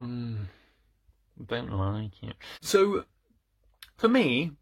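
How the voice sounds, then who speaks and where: Extremely slow and sing-song, a mid-range voice with a breathy edge belongs to a man in his thirties running a book channel. His casual talk about books is playful, dramatic and self-deprecating.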